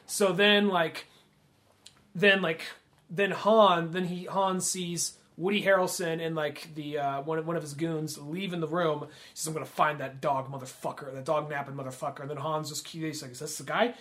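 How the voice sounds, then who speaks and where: A man with a high-pitched voice chats on a podcast about films, animatedly retelling scenes and jumping into the characters' lines. His delivery is loose and conversational, full of fillers and restarts. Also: normal speed, fairly bright tone. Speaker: podcast co-host. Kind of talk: casual film discussion.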